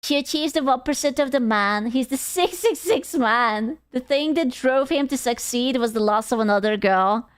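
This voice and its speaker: A woman's voice: high-pitched, moderate pace, few pauses, smooth. A young woman streaming, giving blunt, sarcastic and profane reaction commentary on a clip.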